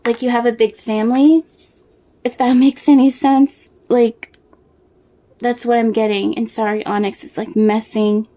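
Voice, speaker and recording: Rambling soft-spoken tarot reader woman. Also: on the high side, little pitch movement, unhurried. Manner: rambling, searching for words, many fillers and restarts. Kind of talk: casual tarot reading to camera.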